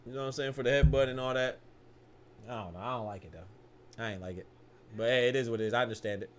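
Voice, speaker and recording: A young man giving casual live commentary on a boxing match, slangy and excitable, often restarting sentences and laughing. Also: medium pitch, fast talker, slight background noise.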